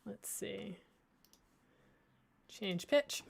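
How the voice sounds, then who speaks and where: A woman at an ordinary pitch walks a class through audio editing in a relaxed, chatty way. She pads her sentences with fillers, restarts mid-thought and jokes at her own slips. It sounds like an informal library workshop, not a script. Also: extremely slow, vocal fry. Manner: chatty, many fillers and restarts, thinks aloud; playful, lightly self-mocking. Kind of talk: casual screen-share software tutorial.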